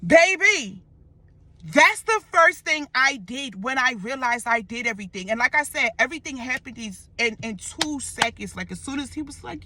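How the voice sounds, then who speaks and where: A young woman casually retelling a dream in a vlog, expressive and loose, full of slang and swearing. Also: sits high, moderate pace, no room sound. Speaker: storyteller vlogger.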